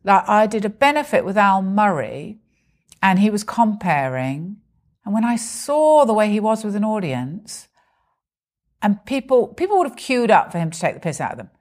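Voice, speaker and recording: A woman's voice: medium pitch, very animated, normal speed, a little mellow. A woman, a stand-up comedian, chatting animatedly in an interview and acting out the voices of people in her stories. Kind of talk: conversational interview.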